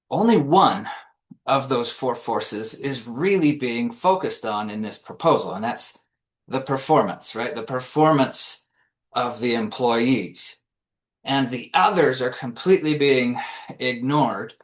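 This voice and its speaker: A man presenting a business webinar in a conversational way, often restarting his sentences and acting out quotes. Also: medium pitch. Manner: casual, with frequent restarts and acted-out quotes. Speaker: compensation consultant presenting a webinar.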